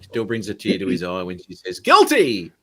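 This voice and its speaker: A man's voice: sits low, fairly even intonation, brisk, darkish tone. A man chatting casually on a group call, joking and teasing the others and laughing often. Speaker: participant in an online drone pilots' chat. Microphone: desk microphone on a call.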